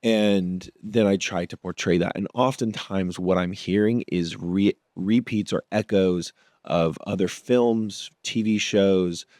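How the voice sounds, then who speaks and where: A man's voice: deep voice, fairly even intonation, slow, darkish tone, no room sound, studio quality. A man talking as an actor guest in a casual interview, thinking his answers through aloud. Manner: thoughtful, works through ideas aloud.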